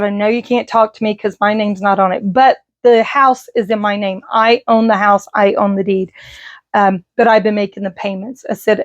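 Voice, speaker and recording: A middle-aged woman vlogging, telling a personal story in a rambling, emotional way with many fillers. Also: mid-range voice. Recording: slightly dull lo-fi audio.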